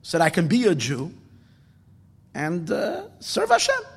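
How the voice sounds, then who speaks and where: A man voicing a simple, sincere older Jewish man who answers in a high, strained, earnest voice. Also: wildly swooping pitch, measured pace, vocal fry, husky, long reverb tail, exaggerated voice.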